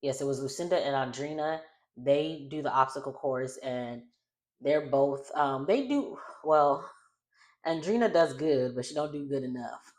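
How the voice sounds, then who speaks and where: A woman's voice: sits low, moderate pace, a little mellow. A woman casually recapping a reality show, chatty and rambling, often correcting herself.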